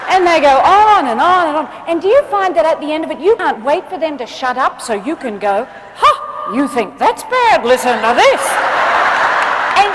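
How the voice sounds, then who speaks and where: Animated high-voiced woman speaker. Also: big-room sound, noisy background. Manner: animated, chatty, laughs often, asks the audience questions. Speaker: motivational speaker. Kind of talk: humorous keynote speech. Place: live event before an audience.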